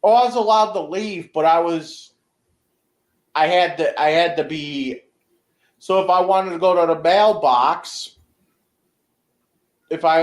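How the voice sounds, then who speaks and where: A man's voice: fairly high pitch, roomy sound. A man telling a story in casual, profane chat, rambling and restarting often. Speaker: guest being interviewed.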